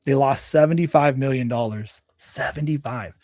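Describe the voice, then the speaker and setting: A man's voice: medium pitch, normal speed, a little mellow, dry recording, clean studio sound. A man hosting a casual livestream, reading articles aloud and stopping often to reread and correct himself. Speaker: livestream host.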